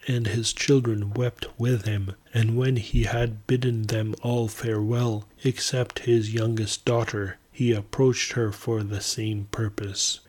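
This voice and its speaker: A man narrating an old tale slowly and evenly in solemn, archaic language. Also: fairly low pitch, slightly rough. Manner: slow, even reading with solemn archaic diction. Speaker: podcast narrator. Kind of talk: scripted storytelling narration.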